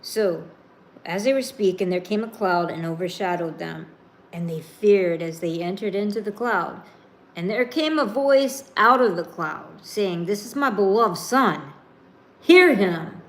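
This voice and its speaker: A woman with a voice on the low side preaches a sermon, reading scripture first and then explaining it slowly, emphatically and informally.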